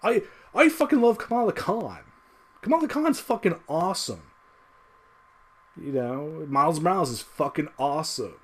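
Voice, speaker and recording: A man's voice: normal speed, long pauses. A man ranting casually to his audience, swearing constantly, heated and emphatic. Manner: profane, heated, lively swings in pitch. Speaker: video creator. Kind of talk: casual rant to camera.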